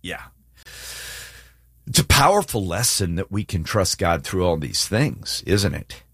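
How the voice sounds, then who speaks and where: A man's voice: a little slow, husky, no room sound, studio quality. A man co-hosting a casual Bible discussion, acting out quotes with big swings in his voice. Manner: animated, acts out quotes with swings in pitch. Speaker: co-host of a faith talk show.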